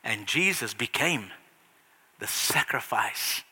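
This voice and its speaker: Male preacher, sermon, animated storytelling, sweeping pitch, echoing church hall. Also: takes it slowly, breathy edge. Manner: animated storytelling, repeated restarts, swings to hushed. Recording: reverberant hall.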